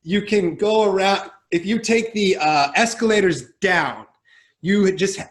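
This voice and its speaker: A man in his thirties hosting a podcast, chatty and quick to react with short interjections. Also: high-pitched. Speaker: podcast host. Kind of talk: casual podcast chat.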